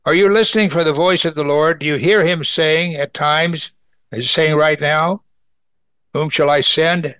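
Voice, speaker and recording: A man's voice: fairly even intonation, normal speed, fairly bright tone, smooth, dry recording. A man teaching an evening Bible study, earnestly reading scripture aloud and lifting his voice to stress key points. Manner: earnest, rises in pitch for emphasis, reads scripture aloud.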